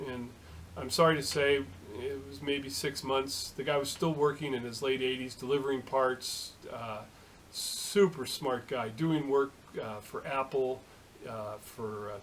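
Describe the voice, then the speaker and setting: A middle-aged man and home shop machinist telling a story in a casual vlog, halting, with many fillers and restarts. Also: medium pitch, fairly bright tone, rough recording.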